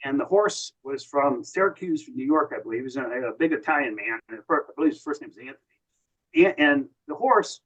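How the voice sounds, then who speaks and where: An American man tells long, winding stories as a podcast guest. His voice sits at a plain, middle pitch. He keeps slipping into quoted lines from other people as he goes. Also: lively intonation, brisk, fairly bright tone, poor audio. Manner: long anecdotal storytelling, quoting others. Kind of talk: casual storytelling.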